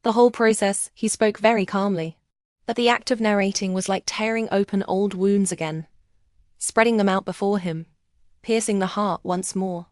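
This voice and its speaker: A woman tells a first-person romance story in a calm, emotional narrating voice. Her pitch sits in the middle range for a woman. The recording is dry, with no room sound. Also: normal speed, dry recording.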